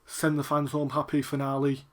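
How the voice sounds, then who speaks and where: A man reviewing a wrestling show in casual chat and reacting to the matches, excitable and quick to cheer at the screen. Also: mid-range voice, slight background noise.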